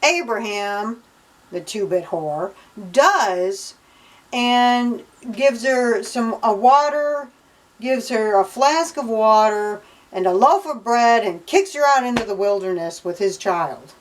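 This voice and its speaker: Slow, indignant woman vlogger. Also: a little high, expressive, poor audio. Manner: indignant, sarcastic retelling. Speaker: vlogger reading through the Bible. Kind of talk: casual commentary.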